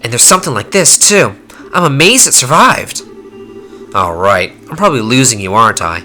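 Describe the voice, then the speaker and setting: A rough young male fighter talks in blunt slang, his delivery rising and falling a lot, as a man reads him aloud. The tone is bright and forward, with a faint bed of game music behind. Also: medium pitch, big pitch swings, normal speed. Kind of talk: fan voice-over reading of game dialogue.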